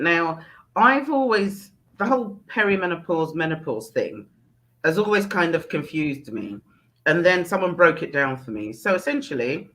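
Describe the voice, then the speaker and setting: Woman, guest, casual chat, frank, animated pitch. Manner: frank, laughs often. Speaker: guest, menopause blogger.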